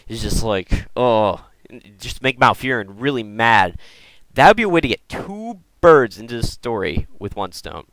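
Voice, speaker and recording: A man hosting a gaming video, excitedly rambling through lore theories and often repeating his words. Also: mid-range voice, normal speed, no echo, poor audio. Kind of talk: casual lore theorizing talk.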